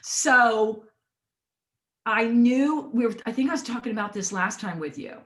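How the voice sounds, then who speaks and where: Animated woman telling a story. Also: a little high, a little slow. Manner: animated storyteller, acts out quotes with big jumps. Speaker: author guest. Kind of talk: storytelling in a conversation.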